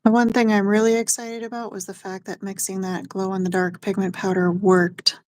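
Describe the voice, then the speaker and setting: A woman co-hosting a casual livestream with her sister, joking easily and quick to agree. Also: mid-range voice, level tone, dry recording, clean studio sound. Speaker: co-host and sister. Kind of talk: casual live chat.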